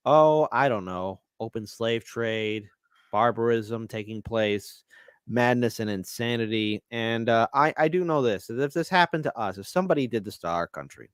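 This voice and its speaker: A man's voice: mid-range voice, moderate pace, clean tone, dry recording, studio quality. A man appearing as a guest on a political talk show, making earnest, building arguments. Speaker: guest commentator. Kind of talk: political discussion.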